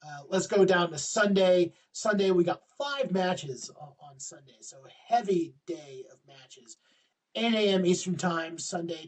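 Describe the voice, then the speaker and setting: A man's voice: high voice, far from the mic, low-quality recording. A man co-hosting a rugby podcast, running through match previews in casual chat with plenty of fillers. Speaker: podcast co-host.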